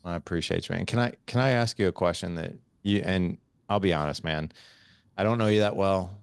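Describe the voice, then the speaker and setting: Podcast host, male, very low voice, dry close sound, chatty storyteller who laughs a lot. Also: a little fast, vocal fry, clear, resonant tone, no room sound. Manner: storytelling, laughs often, animated quotes. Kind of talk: casual interview conversation.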